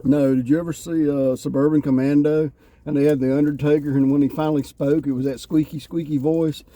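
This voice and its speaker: A man's voice: on the high side, brisk, no room sound. A man, co-hosting a casual wrestling review and animatedly retelling scenes. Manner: animated storyteller, acts out quotes. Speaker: podcast co-host reviewing wrestling. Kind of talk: casual chat.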